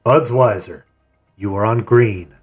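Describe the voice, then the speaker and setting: A man on voice chat leading a game raid, calmly explaining a plan and handing out tasks. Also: lowish voice, slow pace, slightly rough, faint music behind. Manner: calm, methodical, assigns tasks. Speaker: raid leader and streamer. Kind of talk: voice chat while gaming.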